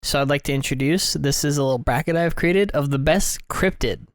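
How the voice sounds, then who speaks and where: A joking man hosts a casual podcast chat, cursing offhandedly. His voice sits a little high, and the sound is close and dry. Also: a little fast, dry recording. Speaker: podcast host.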